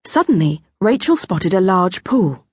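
A woman narrating a children's audiobook in a gentle storytelling manner. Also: mid-range voice, unhurried, slightly rough, no room sound. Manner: gentle storytelling, lively intonation. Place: recording studio. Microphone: close studio mic.

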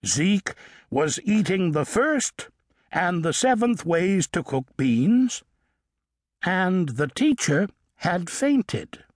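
A man narrating a children's audiobook in a slow, expressive storytelling manner with playful emphasis, recorded in a studio. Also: high-pitched, dry recording. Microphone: studio microphone.

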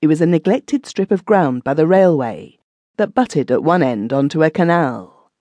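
Lady reading an old london story aloud, lively up and down pitch, soft mellow tone, dry close sound. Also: moderate pace, no echo. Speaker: audiobook narrator. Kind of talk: scripted narration.

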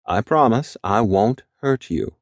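A man voicing a calm, gentle middle-aged priest who speaks softly and levelly, in an audiobook. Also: mid-range voice, slow, no echo, clean studio sound. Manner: soft, level and serene.

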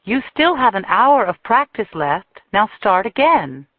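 A woman's voice: mid-range voice, big pitch swings, unhurried, no room sound, pitched above the performer's own voice. A woman narrator voicing a cold, demanding mother who scolds her grown violinist daughter, in an audiobook. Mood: scolding. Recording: thin phone-like dry sound.

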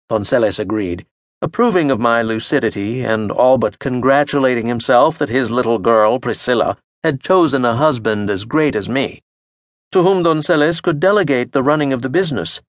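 A man narrating an audiobook in the first person with a wry, measured storytelling manner. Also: medium pitch, no echo. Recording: dry studio audio.

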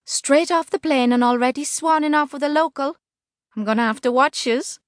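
Woman doing a shrill brash Liverpool expat. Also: normal speed, no room sound, studio quality, lightly acted. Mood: breezy. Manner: loud, cheeky, slangy. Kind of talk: audiobook character voice.

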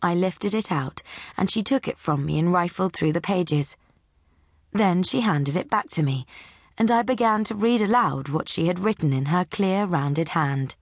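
A woman reading a novel aloud in the first person, with wry, measured storytelling. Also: fairly low pitch, animated, dry recording, studio quality. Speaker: audiobook narrator.

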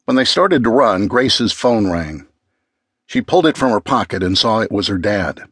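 A man narrating an audiobook with a measured, grave delivery. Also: fairly low pitch, lively intonation, fairly bright tone, husky, no room sound, clean studio sound. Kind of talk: scripted narration.

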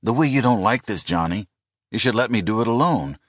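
A man voicing a gruff, teasing male pilot in an audiobook who talks in wry, easygoing banter. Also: fairly low pitch, animated, a little fast, fairly bright tone, no room sound, studio quality, voice pushed up.

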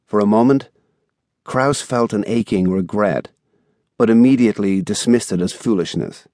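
A man reading a thriller audiobook in a measured, even storytelling style, recorded on a studio microphone. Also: fairly low pitch, dry recording. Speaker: audiobook narrator. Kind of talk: scripted narration.

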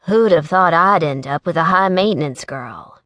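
A woman's voice: lowish voice, expressive, normal speed, a bit bright, dry recording. A woman voicing a good-natured young man who sounds a little weary and wry in an audiobook.

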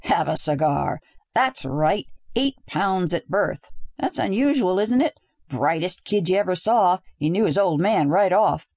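A man's voice: sits high, expressive, measured pace, darkish tone, dry recording, clean studio sound, full character voice. A woman voicing proud new fathers boasting jovially about a newborn. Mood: boastful.

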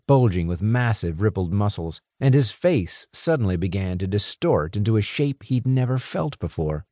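A man narrating a fantasy audiobook in a dramatic, expressive way, close to a studio mic. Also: lowish voice, no echo. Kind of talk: scripted narration.

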